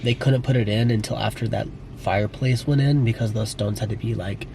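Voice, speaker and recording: Gravelly, congested Texan man. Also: fairly low pitch, fairly even intonation, a little fast, background noise. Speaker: vlog co-host. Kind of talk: casual vlog chat.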